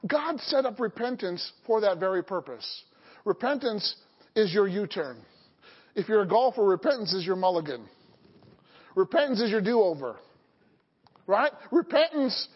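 A man preaching a sermon as pastor, lively and acting out Bible scenes in voices. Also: high-pitched, breathy edge. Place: church sanctuary. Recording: dull audio with long church reverb.

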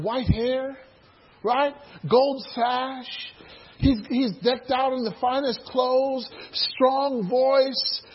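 A man preaching a sermon to his church, building to loud shouted crescendos and dropping back to a low, quiet delivery. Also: husky, highs cut off. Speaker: pastor.

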